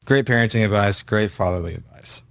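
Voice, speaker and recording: A man co-hosting a podcast who keeps chiming in with short, affirming remarks. His voice sits a bit low, and the sound is dry and close. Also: a little fast, fairly bright tone, no echo. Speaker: podcast co-host.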